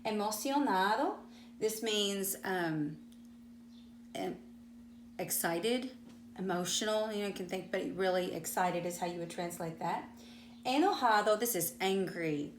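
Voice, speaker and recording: A woman with a Southern US accent teaches a class, explaining step by step and turning questions to her students. Her pitch sits in a middle range. The room is echoey, and a faint hum runs underneath. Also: lively intonation, a little slow. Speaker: Spanish teacher.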